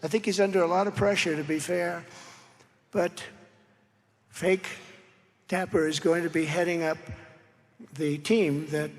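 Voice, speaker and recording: A man's voice: on the high side, fairly even intonation, unhurried, long pauses. A man giving a keynote political speech in a large convention hall, rambling and boastful with many asides. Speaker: keynote speaker. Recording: reverberant convention hall, faint crowd ambience.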